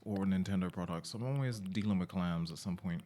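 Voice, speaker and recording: A man's voice: low voice, brisk, dark tone, a little hiss or hum. Chatty male streamer talking to his cat. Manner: chatty, opinionated, talks to cat. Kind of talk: casual live stream chat.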